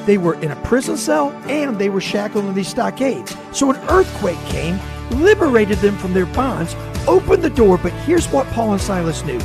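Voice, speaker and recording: A man pastor giving a short radio devotional as animated storytelling, with sharp swings between loud and soft. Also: sits high, moderate pace. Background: music bed.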